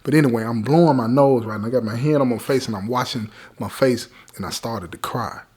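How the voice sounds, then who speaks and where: A man's voice: medium pitch, brisk, darkish tone, breathy edge. Streetwise man telling a raw story. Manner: streetwise, keeps checking in with listeners. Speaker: podcast host telling his prison story. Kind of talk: casual storytelling.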